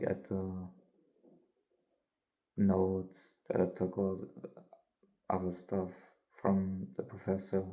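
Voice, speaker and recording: A man's voice: sits low, highs cut off. A young man, a college student, talking candidly in a rambling, filler-heavy way with some yawning. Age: young adult. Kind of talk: casual vlog monologue.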